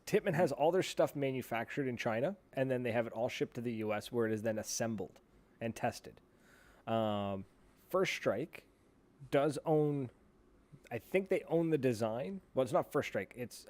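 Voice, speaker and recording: A man's voice: mid-range voice, moderate pace, darkish tone. Blunt rambling male podcast host. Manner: rambling, blunt, swears freely. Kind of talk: casual chat.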